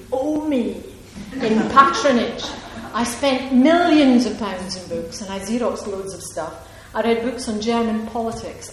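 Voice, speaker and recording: Talkative woman novelist at a reading, digressive and emphatic, mid-pitched, very roomy hall sound. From Ayrshire, Scotland. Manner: chatty, digressive, laughs often, emphatic. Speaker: author at a reading. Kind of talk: audience Q&A answer. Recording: echoey hall with faint noise.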